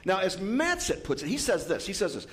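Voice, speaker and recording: A man preaching a sermon as pastor, lively and joking with asides. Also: sits high, a little fast. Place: church.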